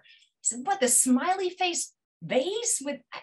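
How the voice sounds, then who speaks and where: A middle-aged woman telling a personal story over a video call, acting out dialogue with big jumps in pitch and sinking to a hush at tender moments. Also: lively intonation, moderate pace, poor audio. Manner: drops to a hushed near-whisper at tender moments. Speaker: featured storyteller.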